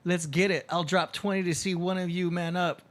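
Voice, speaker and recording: A man co-hosting a live stream, giving relaxed, hesitant feedback on a song. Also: high-pitched, fairly quick. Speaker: co-host reviewing songs. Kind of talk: casual live-stream chat.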